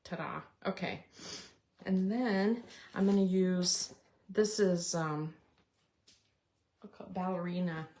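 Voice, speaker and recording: A woman's voice: lowish voice, slow, pauses often, warm tone. A middle-aged woman hosting a casual card-making tutorial, chatting and explaining step by step as she works with her hands.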